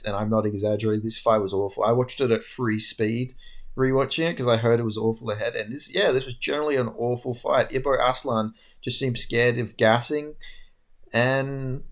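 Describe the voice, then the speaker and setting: A young man talks alone through a fight card recap, sounding worn out from little sleep. He rambles loosely, swears casually and leans on fillers. His voice sits at an ordinary middle pitch. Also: fairly even intonation, brisk. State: tired, yawning. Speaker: MMA commentator recapping fights. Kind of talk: casual solo recap talk.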